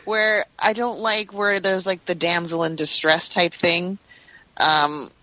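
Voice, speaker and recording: A woman's voice: on the low side, steady tone, takes it slowly, bright, forceful tone, no room sound, rough recording. A woman co-hosting a podcast in casual discussion, hesitant with many fillers and restarts. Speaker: podcast co-host.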